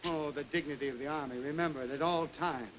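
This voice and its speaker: A man's voice: a little high, fast, low-quality recording. A man hosting a revue, rambling through a comic sketch in a mock-pompous, playful way. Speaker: master of ceremonies. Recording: hissy 1929 film soundtrack.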